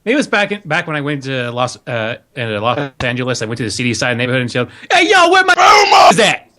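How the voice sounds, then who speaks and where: A man's voice: medium pitch, fast talker, background noise. A man talking in a casual podcast chat, rambling through stories and laughing often at his own jokes. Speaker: podcast co-host.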